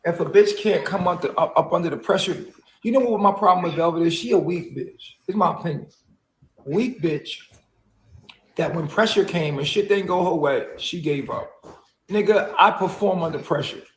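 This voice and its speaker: A man vlogging live to his viewers, excitable and profane, with gasps and slang. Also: sits high, normal speed, slight background noise. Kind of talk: casual live vlog, talking to viewers.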